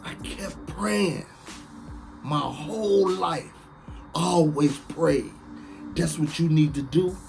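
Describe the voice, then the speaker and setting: Slow, preachy man. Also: on the high side, gravelly. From Chicago, USA. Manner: emphatic, preachy, sounds like shouting even when calm. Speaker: online commentator. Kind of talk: casual live-stream monologue.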